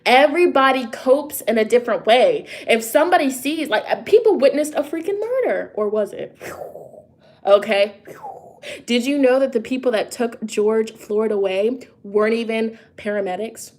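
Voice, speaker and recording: A woman with a somewhat high voice, speaking in a loose, casual vlog monologue. She talks straight to her viewers, pressing her points with rhetorical questions and backing up to restart her sentences. She sounds emphatic and conversational throughout. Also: animated, normal speed, darkish tone. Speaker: tarot reader and psychic.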